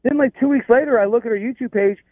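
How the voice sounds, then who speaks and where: A man's voice: very high-pitched, quick pace, dry recording. A man telling a rambling, exasperated story in casual chat, with many restarts. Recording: tinny phone line.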